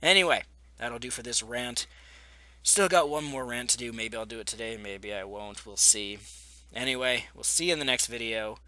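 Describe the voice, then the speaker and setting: A man's voice: mid-range voice, moderate pace, bright, forceful tone, no room sound. A man from Canada, a gaming vlogger, delivering an exasperated, profane rant full of sarcastic asides. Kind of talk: ranting vlog monologue.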